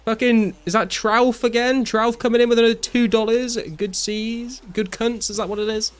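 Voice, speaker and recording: A young British man live-streaming a game, casually chatting and excitedly thanking viewers, swearing often. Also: very high voice, normal speed, clear, resonant tone. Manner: excitable, swears a lot, thanks donors profusely.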